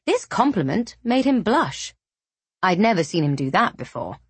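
A woman narrating a first-person novel in a measured, even audiobook reading. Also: medium pitch, slightly rough, no room sound.

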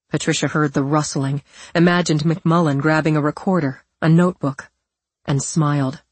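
A woman narrates an audiobook in a low, husky voice. Her reading is measured and expressive. The sound is close and dry, with no room around it. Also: no room sound. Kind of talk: scripted narration.

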